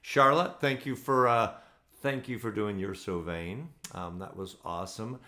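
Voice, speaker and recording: A man's voice: lowish voice, a little slow, sharp tone. A man hosting an online ukulele play-along, signing off casually in a loose, rambling way with many ums. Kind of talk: casual sign-off to online viewers.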